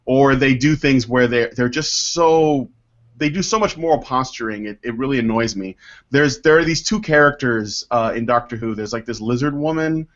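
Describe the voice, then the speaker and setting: A male podcast host rambles through listener mail in a casual show, dropping plenty of fillers and swearing without restraint. He has a mid-range voice and a moderate pace, captured in dull, lo-fi podcast audio.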